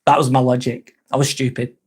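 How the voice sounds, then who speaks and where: A man's voice: medium pitch, husky. A man hosting a live stream, talking candidly and bluntly, swearing often as he rambles and reads viewer comments aloud.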